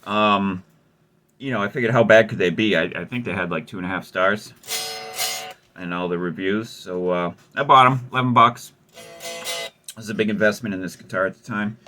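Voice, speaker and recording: A guitar repair channel host, a man, talks casually while working on a guitar, in a lowish voice with fairly even intonation, a moderate pace and long pauses. He rambles, mocks himself wryly and fills his speech with fillers.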